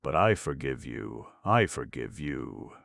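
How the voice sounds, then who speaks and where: A man doing an excitable little red djinn wizard. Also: very deep voice, takes it slowly, creaky, no echo, clean studio sound, full character voice. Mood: jolly. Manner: exuberant, fussy exclamations.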